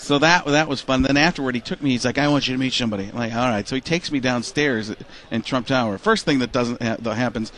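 A man telling a lively anecdote in casual chat, slipping into quick impressions as he goes. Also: mid-range voice. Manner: animated, slips into quick impressions. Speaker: guest impressionist. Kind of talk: casual storytelling.

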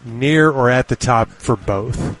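A man's voice: mid-range voice, takes it slowly, rough recording. A man co-hosting a casual radio show, giving dry, blunt opinions. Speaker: radio co-host.

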